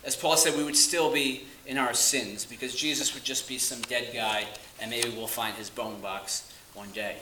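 A man preaching a sermon with a bright, forceful voice. He is earnest and emphatic, leaning slowly on key words and then dropping low. The room around him rings with echo. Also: fairly even intonation, slight background noise. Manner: earnest, emphatic, with slow stressed phrases and dropping to quiet asides.

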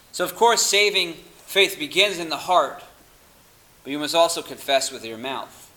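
Bright emphatic man preaching. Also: fairly high pitch, poor audio. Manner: emphatic, reads scripture aloud. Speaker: pastor. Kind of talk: sermon.

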